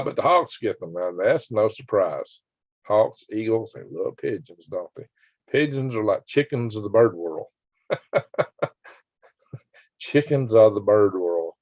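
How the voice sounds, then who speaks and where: A man's voice: mid-range voice, a little mellow, no room sound. A man hosting a casual live stream, reading viewer comments aloud and rambling with chuckles. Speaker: livestream host. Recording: dull lo-fi dry sound.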